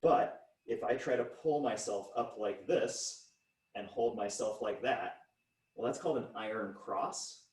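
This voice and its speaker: Chatty low-voiced male physics teacher. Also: unhurried, darkish tone, breathy edge. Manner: chatty, demonstrates physically while explaining. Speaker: high school physics teacher. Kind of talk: casual online physics lesson.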